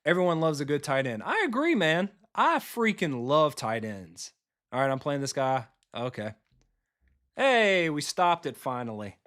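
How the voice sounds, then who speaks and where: Playing a football video game on stream, a man who is also a football coach offers casual, profane commentary and answers his viewers. His voice is fairly high and a bit bright, with big pitch swings and a measured pace.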